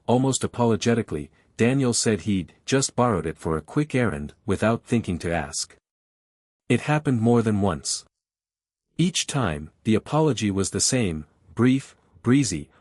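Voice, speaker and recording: An older man, narrating a first-person family story in a measured, reflective way. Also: fairly low pitch, a little mellow, no echo, clean studio sound.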